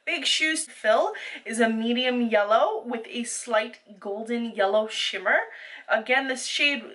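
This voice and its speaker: A woman talks through a makeup haul in a casual, chatty way, describing each product in detail with a few ums along the way. Her voice is bright and sits a bit high. She sounds set back from the mic. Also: unhurried, distant mic, poor audio. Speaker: beauty vlogger.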